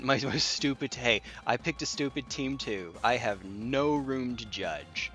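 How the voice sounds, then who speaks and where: A man's voice: mid-range voice, expressive, measured pace, hardly any pauses, fairly bright tone, soft background music. A man streaming online battles, joking and thinking aloud in casual commentary with lots of repeats.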